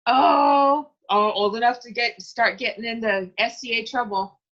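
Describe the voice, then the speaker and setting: Woman interview host, bright and encouraging, slightly high, heard through dull lo-fi audio. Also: fairly even intonation, unhurried. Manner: chatty and encouraging, laughs easily. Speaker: podcast interviewer. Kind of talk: casual interview.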